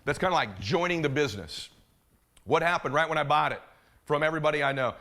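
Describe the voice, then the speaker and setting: A middle-aged man giving a motivational keynote, telling a story with animated delivery and acting out the other people in it. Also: on the high side, a little fast. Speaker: motivational speaker.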